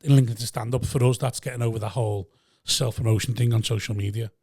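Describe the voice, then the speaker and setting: Man, quick rambling talk, gravelly edge, podcast co-host. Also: medium pitch, steady tone, darkish tone. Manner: rambling questions with restarts. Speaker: podcast co-host, stand-up comic. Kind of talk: casual podcast chat.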